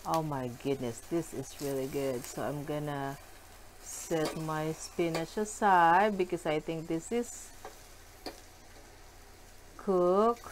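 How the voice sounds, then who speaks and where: A woman cooking at home and chatting to her viewers, giggly and excitable. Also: lowish voice, slight background noise. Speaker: cooking vlogger. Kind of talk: casual cooking chat to viewers. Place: home kitchen.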